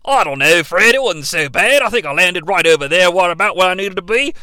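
A man's voice: sits high, animated, brisk, pushed and bright, no echo, studio quality, heavily acted. A man doing a laid-back Aussie dad. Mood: easygoing. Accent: mock Australian. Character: laid-back Australian father.

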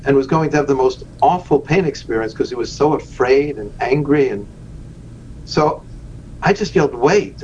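A man, a rabbi and guest on a podcast interview, telling the story of his charity in an earnest way and slowing down for emphasis. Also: mid-range voice, a little mellow. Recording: dull lo-fi remote audio with faint noise.

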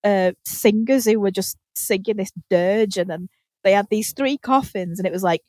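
A woman's voice: medium pitch, moderate pace, darkish tone, no room sound. A woman hosting a podcast, telling a story in casual chat with lots of laughter and freely swearing. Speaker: podcast host.

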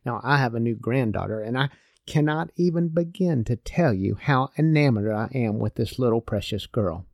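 An older man giving a devotional talk, an expressive storyteller. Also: mid-range voice, vocal fry, dry recording, studio quality. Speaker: speaker.

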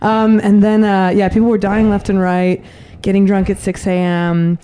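A woman co-hosting a podcast, telling stories in an animated way and laughing easily. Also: mid-range voice, moderate pace, smooth. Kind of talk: casual chat. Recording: noisy recording with clicks.

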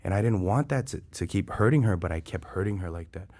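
A man's voice: low voice, expressive, fast, a little mellow, no echo. A man telling his life story to an interviewer in casual street slang, earnest and emotional, often calling the listener bro.

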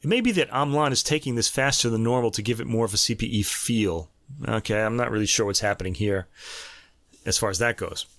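A man's voice: fairly low pitch, a bit bright, no room sound. Guy chatting through a classical album track by track, wanders off on tangents, chuckles a lot, dry close sound. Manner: chatty, digressive, laughs at own jokes, slows to spell out foreign terms. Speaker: host reviewing a classical album. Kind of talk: casual music review talk.

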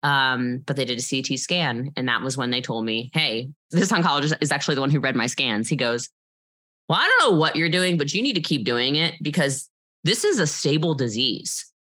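Interview guest: a woman with a low, forceful voice, blunt and emphatic. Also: fairly quick. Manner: emphatic and animated, blunt, swears freely. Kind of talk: personal interview storytelling.

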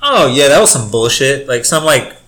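A man's voice: medium pitch, very animated, normal speed, a bit bright. A young man telling a rambling, profane story in casual chat, full of filler words.

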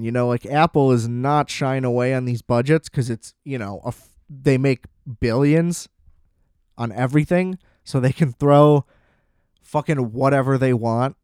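Casual rambling young man, smooth dry voice. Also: medium pitch, darkish tone, dry recording. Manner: rambling, frequent "like" fillers, profane asides. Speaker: show reviewer. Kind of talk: casual review monologue.

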